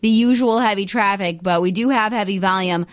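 A woman giving a radio traffic report in a brisk, steady way and chatting with the host. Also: medium pitch, no room sound, clean studio sound.

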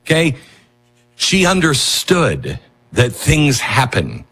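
Male talk radio host, husky voice, lively rambling monologue, self-deprecating. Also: mid-range voice, takes it slowly, faint music behind. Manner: rambling, self-mocking, animated; jumps into acted quotes and sudden shouts.

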